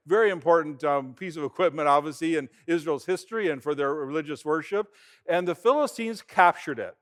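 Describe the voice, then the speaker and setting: A man preaches in a chatty, storytelling way, his voice sitting somewhat high for a man. He retells events in plain words, with quick asides and restarts, as a pastor talking to his church. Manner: animated storytelling, retelling events in everyday talk. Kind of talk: conversational sermon.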